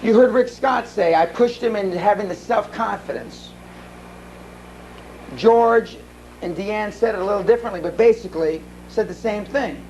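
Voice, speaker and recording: A man's voice: sits high, moderate pace, a little mellow, muffled recording, a little hiss or hum. A man giving a live seminar talk, telling blunt, profane stories full of restarts. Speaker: seminar speaker. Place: seminar room.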